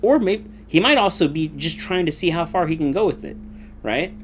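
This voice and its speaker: A man's voice: fairly high pitch, animated, normal speed, slight background noise. A young man in a casual, profane political rant, rambling with lots of fillers and laughing between points. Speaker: commentator.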